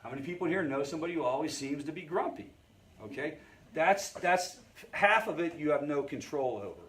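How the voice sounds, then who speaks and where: Fairly high in pitch, brisk and animated with a fairly bright tone, this family recovery group leader teaches conversationally. He checks in with his audience frequently and slips in storytelling asides.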